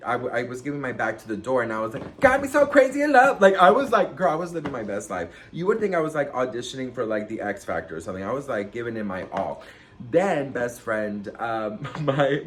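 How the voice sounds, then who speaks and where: A man vlogging a storytime, dramatic and animated, with big jumps in pitch and loudness and a sassy, campy manner. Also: a little hiss or hum. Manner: campy, sassy, says "girl" and "okay" a lot. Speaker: celebrity gossip vlogger. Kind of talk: casual storytime chat.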